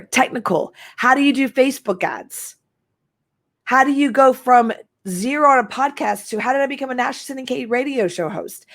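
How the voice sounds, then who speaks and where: A middle-aged woman from Texas giving an energetic, emphatic masterclass talk as a marketing coach, reading viewer comments aloud. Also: a little high.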